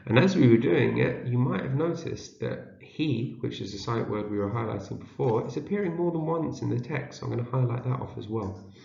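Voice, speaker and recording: A male teacher leads a shared reading for young children, sounding out each word slowly and repeating it so the learners can echo him in a patient read-aloud lesson. His mid-range voice is expressive, gravelly, and mellow. The home video sounds dull and roomy.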